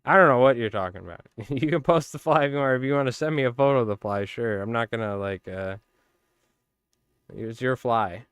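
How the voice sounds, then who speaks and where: A man's voice: medium pitch, fairly quick, a bit bright, clean tone, no room sound. A man hosting a fly tying live stream, chatting casually and rambling with viewers as he works. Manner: rambling, chatty, many fillers.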